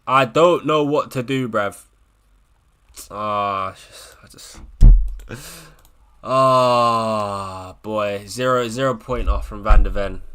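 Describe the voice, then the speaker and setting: A man hosting a live fantasy football watchalong, talking casually, swinging between low mutters and loud frustrated rants, often repeating himself and swearing. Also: slow, pauses often, smooth. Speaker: livestream host.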